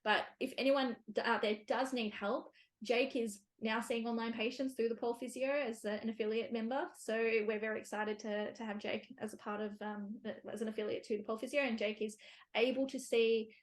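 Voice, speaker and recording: A woman's voice: fairly high pitch, steady tone, a little fast. A woman hosting a casual podcast conversation, chatty, with many fillers and easy laughs. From Australia. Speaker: physiotherapist podcast host.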